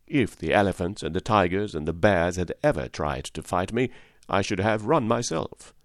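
Man reads as a big cowardly lion, sad and apologetic, low voice, dry close sound. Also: expressive, moderate pace, no echo. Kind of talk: audiobook reading.

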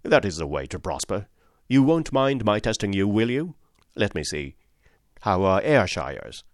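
A man doing a brisk, flattering financial agent. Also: fairly low pitch, dry recording, studio quality. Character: brisk, sharp-spoken middle-aged male financial agent. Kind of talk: audiobook character voice.

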